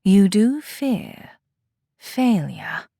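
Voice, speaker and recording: A woman voicing a calm, cryptic alien female elder teacher in a hushed, half-whispered, solemn voice, recorded dry. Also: medium pitch, drawn-out words, vocal fry, dry recording, full character voice.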